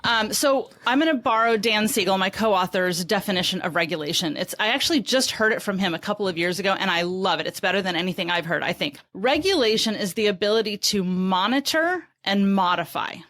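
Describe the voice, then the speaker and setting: A woman guest author on a podcast, explaining parenting ideas in a lively, conversational way and acting out what a parent might say. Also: mid-range voice, a little fast, few pauses, no room sound, clean studio sound. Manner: animated, explanatory, acts out parent self-talk.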